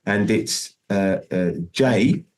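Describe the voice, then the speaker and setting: A middle-aged male guest musician, his voice on the low side, slow, and darkish, tells a long story in a casual interview. He rambles, restarts frequently, and often asks "do you know what I mean."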